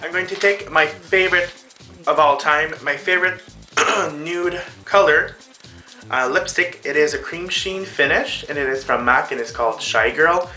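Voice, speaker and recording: A man's voice: a little high, unhurried, sharp tone, soft background music. A man hosting a casual makeup tutorial, talking the viewers through each step in a chatty way while he applies the makeup on himself. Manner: chatty, addresses viewers as girls and boys. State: out of breath.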